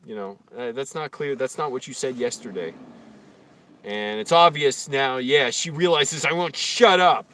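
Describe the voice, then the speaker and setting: A man's voice: mid-range voice, a bit bright. Indignant man ranting on a livestream. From Virginia. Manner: indignant, rambling, many fillers. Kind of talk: casual livestream rant.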